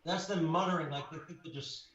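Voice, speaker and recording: A man's voice: on the high side, a little fast. A man who investigates the paranormal, telling anecdotes in a casual radio interview, rambling with many fillers. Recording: roomy, muffled, with crowd noise.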